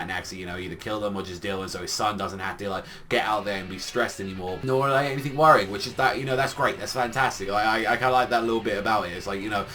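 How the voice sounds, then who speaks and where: A man's voice: lowish voice, bright, forceful tone. A young man giving a casual spoken review, rambling and swearing while he mocks the voices of the characters. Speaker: anime reviewer.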